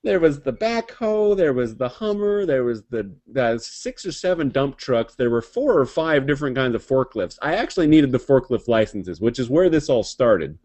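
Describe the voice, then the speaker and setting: A man telling stories in a casual, profane, animated chat, laughing often. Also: mid-range voice, normal speed, hardly any pauses. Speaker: podcast co-host.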